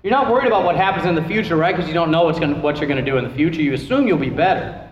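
A high-voiced man leads a Bible class as its pastor, chatty and joking, throwing questions out to the room. He is picked up in a big echoey hall with a long reverb tail. The sound is dull and lo-fi, with a faint hiss underneath. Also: racing. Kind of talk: casual Bible class teaching.

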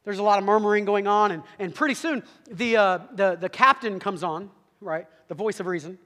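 Fast-talking high-voiced man preaching in a hall. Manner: animated, rapid storytelling with asides to the audience. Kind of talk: humorous sermon story. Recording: long hall reverb.

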